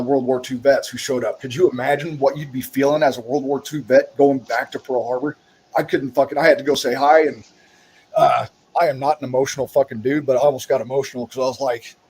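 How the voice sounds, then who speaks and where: A man, a military veteran and podcast co-host, telling army stories in casual chat, swearing constantly and loudly mimicking officers. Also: mid-range voice, breathy edge, rough recording. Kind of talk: casual profane storytelling.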